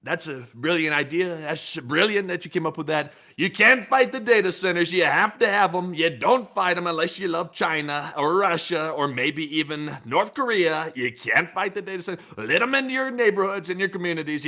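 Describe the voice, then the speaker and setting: A man doing a satirical impression of a bragging older male politician who rambles and quotes flatterers calling him sir. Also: fairly high pitch, fairly quick, hardly any pauses. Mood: boastful.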